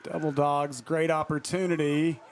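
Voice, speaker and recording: A man's voice: fairly high pitch, flat delivery, a little slow, slight background noise. A male commentator calling a soccer match live on a broadcast headset, joking and laughing often between calls. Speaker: sports commentator.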